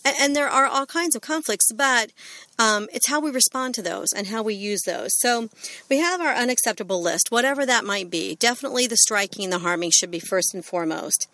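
A woman's voice: on the high side, expressive, brisk, sharp tone, dry recording. Earnest middle-aged woman, dry close voice. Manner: earnest, with many fillers and restarts. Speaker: parenting speaker. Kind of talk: instructional parenting talk.

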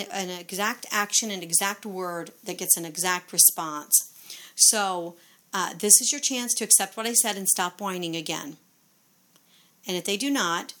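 A woman's voice: mid-range voice, sharp tone. A woman giving parenting advice in a casual instructional talk, conversational, with frequent fillers and rhetorical questions.

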